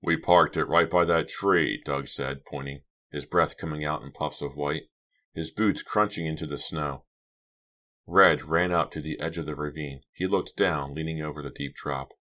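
A man with a very deep, low voice narrates an audiobook. His reading is steady and measured, scripted throughout.

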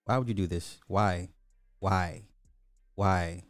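A man's voice: sits low, slow pace, dry recording, clean studio sound, soft background music. A man giving casual commentary, ranting crudely and repeating himself in disbelief. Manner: crude, repetitive, incredulous ranting. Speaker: online commentator.

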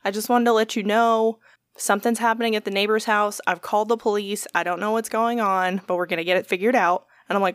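Profane, animated young woman telling a story. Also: mid-range voice, fast, dry recording, clean studio sound. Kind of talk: casual podcast chat.

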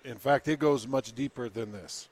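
A man's voice: mid-range voice, moderate pace. A man from Utah hosting a casual chat, telling a story with lots of laughter and acted-out bits. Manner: animated, laughs often, acts out the people in his story. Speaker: podcast host telling a story.

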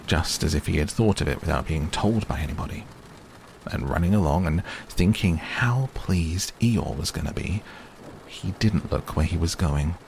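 Man, bedtime audiobook narrator, soothing, very low voice, faint background hiss. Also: vocal fry, a little mellow. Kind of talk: calm bedtime audiobook reading.

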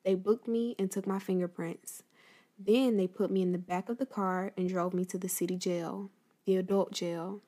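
A woman's voice: medium pitch, fairly even intonation, moderate pace, warm tone. A woman talking casually to her listeners about a piece of history, then reading a book passage aloud. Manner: addresses listeners directly, conversational. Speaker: host telling a history story.

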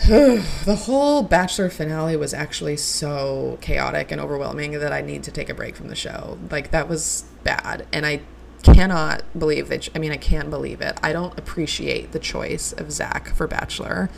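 Low gravelly chatty woman podcaster. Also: normal speed, a little hiss or hum. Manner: chatty, gushing, lots of likes and ums. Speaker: podcast host. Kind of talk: casual solo podcast chat.

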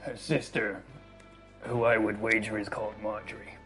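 A man playing in a tabletop role-play, questioning a character in a playful way, laughing often and filling pauses. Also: lowish voice, flat delivery, fairly bright tone, soft background music. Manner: playful, laughs between lines, trails off with fillers. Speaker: player.

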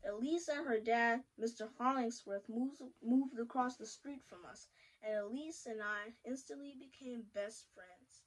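A woman's voice: on the high side, measured pace, poor audio. A woman hosting a podcast, reading a children's picture book aloud and giving the characters small voice changes. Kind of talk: storybook read-aloud.

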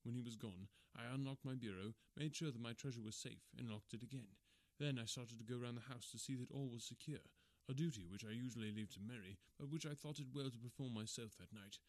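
A man reading a classic detective story aloud in a measured, formal storytelling manner. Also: medium pitch, a little mellow, dry recording. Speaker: audiobook narrator.

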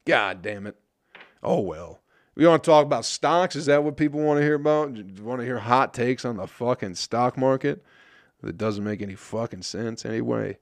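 Gravelly profane podcast host rambling. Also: male voice, medium pitch, normal speed, no room sound. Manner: rambling, profane, wry and self-mocking. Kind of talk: casual solo podcast rant.

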